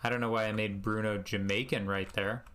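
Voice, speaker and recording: A man's voice: fairly low pitch, flat delivery, fairly quick, fairly bright tone. A man giving casual gameplay commentary as a streamer, self-mocking and muttering his in-game commands aloud. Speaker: speedrunner and streamer.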